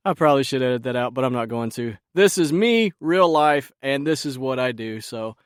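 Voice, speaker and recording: A man hosting a casual solo podcast, his voice croaky and stuffed up from sinus trouble, rambling and laughing at himself. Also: medium pitch, animated, brisk, no room sound, clean studio sound. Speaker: podcast host.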